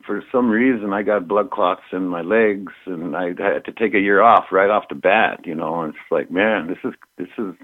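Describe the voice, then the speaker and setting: Brief: middle-aged man from Minnesota, low voice, rambling storyteller, phone-line sound. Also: moderate pace, hardly any pauses. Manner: rambling, repeats phrases, laughs often. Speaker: former pro wrestler, guest. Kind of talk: casual storytelling interview.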